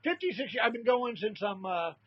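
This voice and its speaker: A man in his sixties spins comic anecdotes in an animated, high-pitched voice, jumping into the voices of the people he quotes. The audio is dull and lo-fi, with a dry, close sound. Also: a little fast, no room sound. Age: 60s. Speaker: comedian guest. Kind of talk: storytelling in a casual interview.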